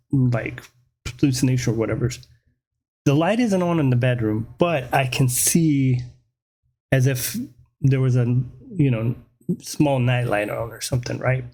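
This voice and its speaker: A man telling a personal story in a casual, animated way, swearing freely and often checking in with "right?". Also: mid-range voice, measured pace, pauses often. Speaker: podcast host.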